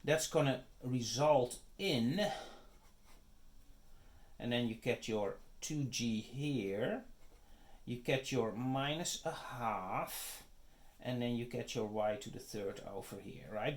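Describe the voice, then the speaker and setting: Slow, methodical man teaching math. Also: medium pitch. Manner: methodical, step-by-step, frequent "okay?" checks. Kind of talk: math lecture.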